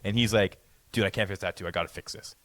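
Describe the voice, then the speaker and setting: A man's voice: fairly low pitch, fairly even intonation, fast, fairly bright tone, no echo. A man co-hosting a podcast, telling a long story in a rambling way, with many stammered restarts and a lot of swearing. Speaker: podcast co-host. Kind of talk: casual storytelling.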